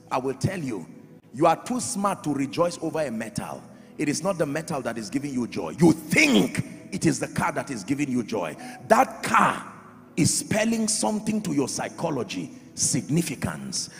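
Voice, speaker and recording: A man preaching a sermon as pastor, emphatic, swinging from loud shouts to quiet drops. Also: fairly high pitch, gravelly. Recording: reverberant hall with faint music.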